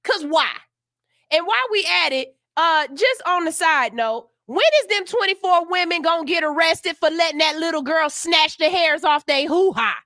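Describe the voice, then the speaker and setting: A woman's voice: extremely high pitch, lively intonation, normal speed, pushed and bright, no room sound, clean studio sound. A woman hosting a morning radio show, ranting in outrage with profanity, then reading news stories aloud. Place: radio studio.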